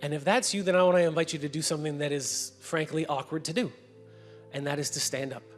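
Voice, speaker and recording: High-voiced pastor preaching in a reverberant hall. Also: male voice, fairly even intonation, fast talker, soft background music. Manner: storytelling, earnest invitation. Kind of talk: sermon. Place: church sanctuary.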